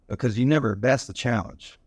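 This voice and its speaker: A man on a panel speaking earnestly and thoughtfully, with some halting. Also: medium pitch, a little mellow, husky, no room sound. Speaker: panelist actor. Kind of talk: earnest reflective panel talk.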